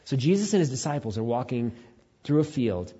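A male pastor delivering a sermon with a husky, slightly breathy voice at a mid pitch. He preaches animatedly, leaping up for acted-out quotes and sinking to soft, low emphasis. The recording is dull and lo-fi. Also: brisk. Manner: animated, acts out quotes with big pitch jumps, then drops low and quiet.

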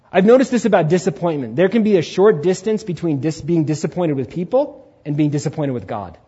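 A man preaching a Sunday sermon as pastor, animated, acting out inner voices and asking the congregation questions. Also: sits high, fast, few pauses, breathy edge, highs cut off. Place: church sanctuary.

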